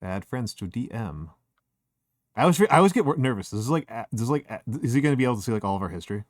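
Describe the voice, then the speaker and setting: Racing along in a very animated, medium-pitched voice, a man hosts a stream with casual, halting chatter marked by many fillers and restarts. The audio is studio quality with no room sound.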